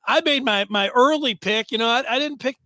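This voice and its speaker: A man's voice: extremely high pitch, a little fast, sharp tone, no echo, clean studio sound. A man hosting a sports interview, asking chatty, easygoing questions. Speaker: sports show host. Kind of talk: casual interview chat.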